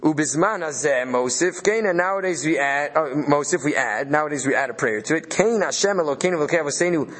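A man's voice: on the high side, expressive, brisk, hardly any pauses, a bit bright, breathy edge. A man leading a study session, reading out Hebrew phrases and translating them as he thinks aloud. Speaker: Torah study leader.

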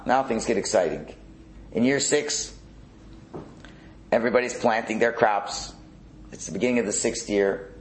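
This is a man with a low voice and gravel in it, teaching in an echoey room with a faint hiss behind him. He tells stories with lively energy and acts out the characters he describes. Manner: animated storytelling, acting out characters. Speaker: religious teacher. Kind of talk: Torah lecture.

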